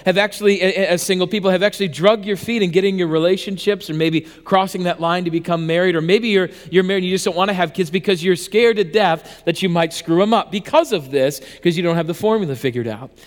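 A male pastor with a high, light voice delivers a sermon in a church hall where his words ring out with long reverb. He talks like a self-mocking storyteller, animated and conversational, often stumbling and restarting before landing a point. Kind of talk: sermon with a comic personal story.

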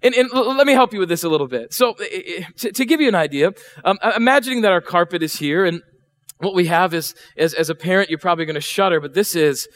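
Man, middle-aged pastor, high voice, conversational sermon. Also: lively intonation, quick pace, a bit bright. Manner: conversational, asks the congregation questions, acts out voices. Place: church.

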